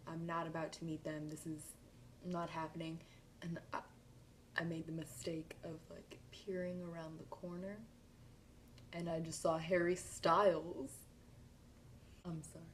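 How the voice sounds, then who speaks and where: A young woman in a casual vlog, excitedly retelling a fan story with lots of "like" and sudden squeals. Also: lowish voice, slight background noise. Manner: gushing, breathless retelling with filler "like". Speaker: vlogger.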